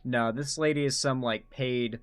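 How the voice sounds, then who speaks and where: A man reacting to clips as the host of a casual commentary channel. His voice sits at a middle pitch, and he talks bluntly, swears freely and rambles through restarts. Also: fairly even intonation, unhurried, clear, resonant tone.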